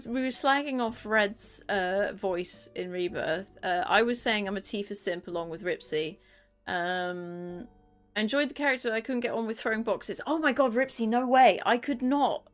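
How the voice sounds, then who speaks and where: A British woman streaming a game live, chatting casually and rambling with lots of "um"s, getting excitable when she reacts to chat. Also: fairly high pitch.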